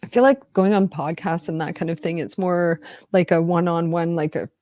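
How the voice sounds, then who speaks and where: A woman talking casually to her live stream viewers in a fairly low voice, rambling along with restarts and quiet laughs. The sound is dry and close, with no room echo. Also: normal speed. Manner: chatty, rambling, with frequent restarts and soft laughs. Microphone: close mic on a live stream.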